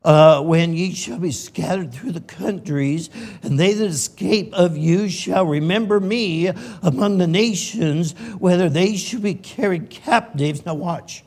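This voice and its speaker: A middle-aged man from California preaching in a high voice, slow and deliberate. He leans hard on key lines, then drops to a hushed near-whisper, and his delivery swings with emotion. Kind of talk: sermon.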